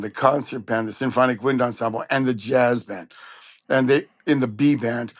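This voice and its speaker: In this storytelling interview, a Southern Californian trumpeter with a mid-range voice acts out what others said as he vividly recounts events. No room sound is audible.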